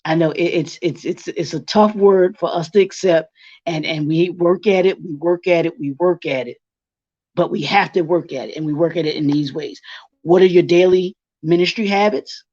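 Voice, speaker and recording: A man's voice: fairly high pitch, normal speed, darkish tone, no room sound. A man from Baltimore giving a workshop presentation, asking rhetorical questions and restating each point. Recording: dull, dry lo-fi recording.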